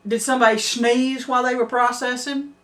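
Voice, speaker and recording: A woman's voice: fairly high pitch, little pitch movement, a little fast, fairly bright tone. Earnest older woman, off-mic. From Middle Tennessee. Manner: earnest, emphatic, laughs easily. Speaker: homesteader. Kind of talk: casual chat. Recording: distant mic.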